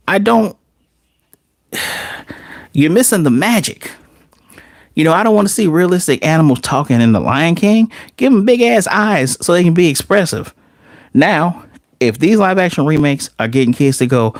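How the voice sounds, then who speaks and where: A man who reviews movies, giving casual, animated, sarcastic commentary with some swearing. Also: fairly high pitch, normal speed, long pauses, no echo, clean studio sound.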